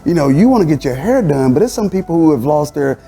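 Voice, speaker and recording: Animated storytelling pastor, man. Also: fairly high pitch, fast talker, gravelly, breathy edge, soft background music. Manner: animated storyteller, acting out family dialogue with laughter. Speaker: pastor and host. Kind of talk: casual conversation.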